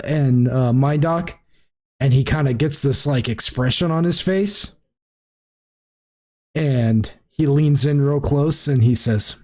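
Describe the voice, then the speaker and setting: A man's voice: on the high side, a little mellow. A man acting as game master, narrating a tabletop game in a casual, rambling way. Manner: casual, rambling with many fillers.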